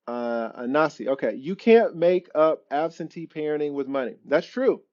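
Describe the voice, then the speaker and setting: A man's voice: fairly high pitch, moderate pace, darkish tone, muffled recording. A man who is an attorney, hosting a live stream Q&A and answering viewers in an emphatic, repetitive, preachy way.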